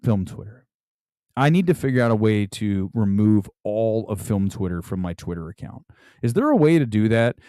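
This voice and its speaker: A man hosts a casual movie live stream, rambling and chatty with frequent restarts. His pitch swings in a lively way as he talks. The sound is dry and close to the microphone. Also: normal speed, no echo. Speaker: movie talk show host.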